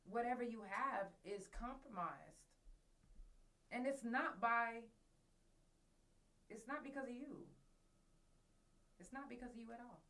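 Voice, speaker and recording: A woman's voice: fairly high pitch, a little slow, long pauses, sharp tone, recorded from a distance. A woman hosting her own podcast, talking in loose, profane, slang-filled storytelling. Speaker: podcast host. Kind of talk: casual solo podcast talk.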